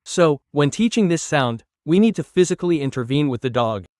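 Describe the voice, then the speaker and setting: A Turkish dog trainer explains his training methods in an instructional video, speaking earnestly and directly to his viewers and giving firm commands to a dog. His voice is a little high, animated, a little fast, and darkish in tone. The audio is studio quality with no room sound.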